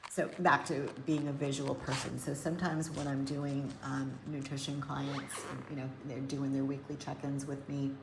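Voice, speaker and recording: A woman with a very low, gravelly voice rambles chattily to her viewers while tending plants indoors, talking through each step. Steady noise hums underneath her voice throughout. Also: normal speed, hardly any pauses. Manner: chatty, rambling, thinks aloud while working. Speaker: hydroponic gardener and nutrition coach. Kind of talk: casual live chat to viewers. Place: indoor grow room.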